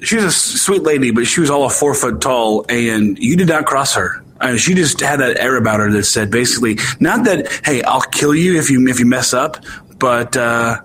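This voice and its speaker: A man's voice: mid-range voice, expressive, normal speed, a bit bright, a little hiss or hum, rough recording. A man from Illinois co-hosting a podcast, telling rambling, joking stories in casual chat. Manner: jokey, rambling storyteller. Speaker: podcast co-host.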